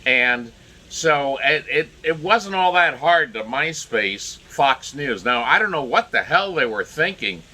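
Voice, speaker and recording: Bright-voiced rambling commentator man. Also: mid-range voice, lively intonation, unhurried. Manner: rambling, indignant, many fillers and restarts. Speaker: political commentator. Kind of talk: opinionated solo commentary.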